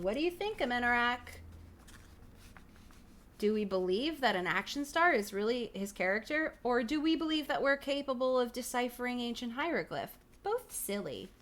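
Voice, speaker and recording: A woman with a mid-range, slightly bright voice hosts a livestream, reading a choose-your-own-adventure book aloud with live commentary. She's playful, laughs often and swears casually.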